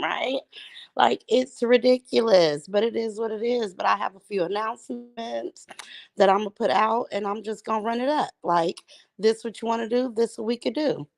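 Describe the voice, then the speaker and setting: A woman's voice: a little high, vocal fry, dry recording. A woman hosting a casual morning livestream, greeting viewers by name and trash-talking a rival, with a strained voice. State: voice sounds strained. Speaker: livestream host.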